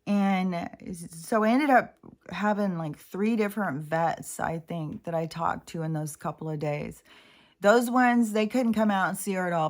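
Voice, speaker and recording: Female vlogger, slightly low pitch; loose, emotional, meandering delivery with fillers and cursing. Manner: rambling and emotional, with many fillers and swearing. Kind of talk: casual spoken monologue.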